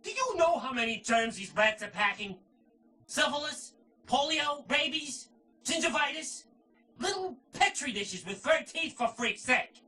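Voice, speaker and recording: A man's voice: extremely high pitch, very animated, a little slow, far from the mic, full character voice. A man voicing a squeamish, ranting undead male sidekick in a video game. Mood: disgusted ranting. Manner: ranting, disgusted, ends in shouts.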